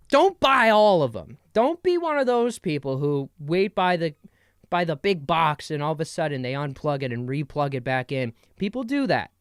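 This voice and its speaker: Young male podcast host, lively and playful, smooth voice, close and dry. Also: on the high side, no echo. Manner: rambling, playful, jumps between bits. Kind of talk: casual comedic monologue.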